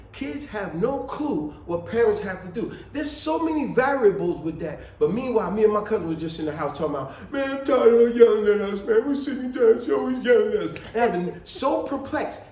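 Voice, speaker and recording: A man giving casual family advice, preachy and animated, repeating his points. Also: sits high, echoey room. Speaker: video host.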